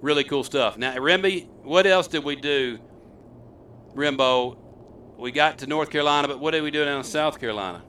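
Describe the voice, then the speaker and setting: Bright-voiced chatty hunting dad. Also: male voice, a little high, normal speed, slight background noise. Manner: chatty and rambling, quizzing his sons. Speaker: host, hunter and father. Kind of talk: casual storytelling to camera.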